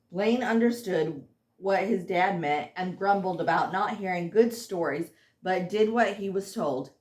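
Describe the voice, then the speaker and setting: A woman reading aloud from her own fantasy novel, informally and haltingly, stumbling over words and restarting sentences. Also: lowish voice, darkish tone, echoey room. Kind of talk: unpolished audiobook reading.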